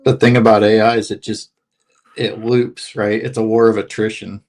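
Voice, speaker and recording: A man's voice: fairly low pitch, flat delivery, moderate pace, a little mellow. A man chatting casually in a laid-back, rambling way. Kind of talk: casual chat.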